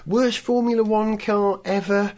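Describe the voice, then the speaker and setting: A man's voice: high voice, measured pace. A man talking enthusiastically in a casual chat, as a podcast co-host. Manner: animated, enthusiastic car talk.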